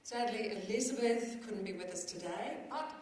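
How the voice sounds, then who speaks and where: A woman's voice: on the high side, moderate pace, darkish tone, slight background noise. A woman hosting an awards ceremony, reading prepared remarks with a few fillers and ad-libs, on stage at an event venue. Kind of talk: formal presenting with ad-libs. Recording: echoey hall, faint ambience.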